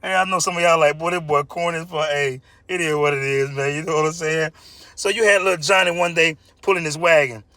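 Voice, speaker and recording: A man's voice: a little high, fairly quick, sharp tone, no room sound. A man casually telling a pack of jokes, hyped and chatty, laughing at his own punchlines.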